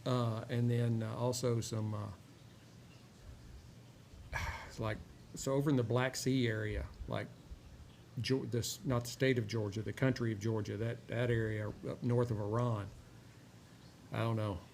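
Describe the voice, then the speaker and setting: A gravelly-voiced man chats casually while he reviews a cigar. He drawls and rambles, filling pauses with "uh." Faint noise hums under his voice. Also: mid-range voice. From Texas. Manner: rambling, relaxed, many "uh" fillers. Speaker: host of a cigar and whiskey review show.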